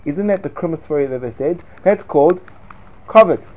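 A man giving a lively Torah class to students, sarcastic and quick to laugh at his own points. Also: on the high side, highs cut off, slight background noise. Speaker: Torah teacher.

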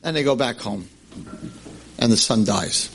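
A man teaching a class, telling a tale in an animated, emphatic way. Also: medium pitch, unhurried, slightly rough. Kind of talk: storytelling lecture.

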